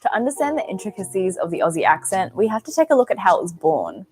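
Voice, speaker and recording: A woman's voice: medium pitch, big pitch swings, quick pace, a little mellow, poor audio. A woman presenting a news feature in a conversational, scripted way.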